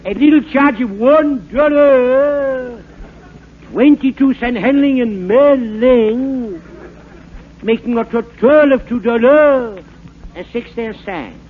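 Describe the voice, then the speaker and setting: An actor playing a bumbling fake French professor, in rambling, stammering comic patter for a 1940s radio comedy. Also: male voice, very high voice, takes it slowly. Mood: mock-lecturing. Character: bumbling fake French professor, fast-talking huckster man. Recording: narrow-band scratchy 1940s radio broadcast.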